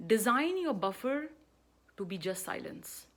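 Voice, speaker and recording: A woman's voice: a little high, very animated, measured pace. A middle-aged woman coach giving a talk on public speaking, emphatic, often checking in with a rhetorical "right?".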